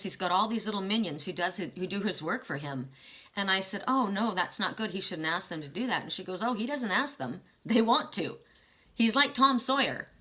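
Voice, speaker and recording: A woman's voice: fairly low pitch, sharp tone. An older woman reading oracle cards who talks in a rambling, emotional way, with many restarts. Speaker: oracle card reader. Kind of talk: casual spiritual talk.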